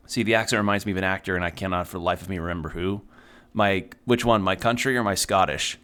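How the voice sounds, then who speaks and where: A deep-voiced man talks loosely as he plays a video game on stream. He drifts from thought to thought in relaxed, chatty asides and swears now and then without much weight behind it. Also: fast talker, clean tone. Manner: rambling, chatty, swears casually. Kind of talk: casual chat while playing a video game.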